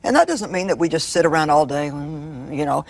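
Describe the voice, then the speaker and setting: A man's voice: on the high side, expressive, fairly quick, vocal fry. A man hosting a ministry program, chatting with a guest and then presenting an offer. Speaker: TV ministry host. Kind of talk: casual chat and offer pitch.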